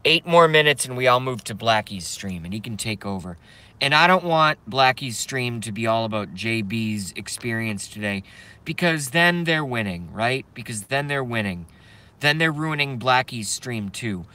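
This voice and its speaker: A man's voice: mid-range voice, animated, a little slow, pushed and bright. A man ranting to viewers on a live stream from his parked car, swearing and agitated.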